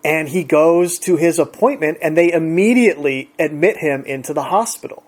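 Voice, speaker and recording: A man's voice: fairly high pitch, normal speed. A man relaxedly retelling an everyday encounter in a chatty, conversational way. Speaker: storyteller. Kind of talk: casual anecdote.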